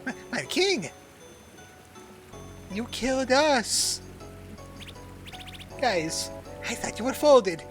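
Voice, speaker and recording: Cast a man playing a scared young game prince: high, pleading, anxious. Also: very animated, drawn-out words, pauses often, faint music behind, exaggerated voice. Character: frightened young male prince, lost and pleading.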